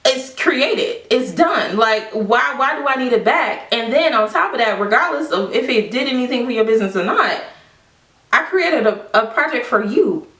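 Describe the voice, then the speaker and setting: A woman vlogger casually telling a personal story to the camera, quoting people with lively, exaggerated voices. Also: on the high side, moderate pace. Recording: echoey room, mic at a distance.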